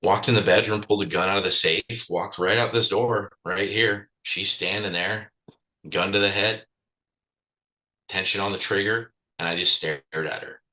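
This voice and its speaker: A man's voice: low-pitched, fairly even intonation, normal speed, sharp tone, low-quality recording. A man speaking as a podcast guest, telling a candid personal story bluntly, swearing freely and with raw emotion.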